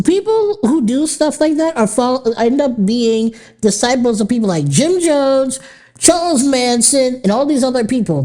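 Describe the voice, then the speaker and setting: A woman hosts a podcast and rants bluntly with plenty of profanity and mocking laughter. Her voice is dark and mellow and sits a little high for a woman. She talks slowly and deliberately. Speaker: podcast host. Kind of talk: casual ranting monologue.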